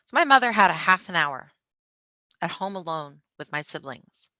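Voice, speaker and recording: A woman's voice: deep voice, pushed and bright, dry recording. A woman guest on a podcast, telling a personal story vividly and acting out the people in it. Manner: vivid, acts out voices in her story. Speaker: interview guest. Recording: dull, muffled podcast audio.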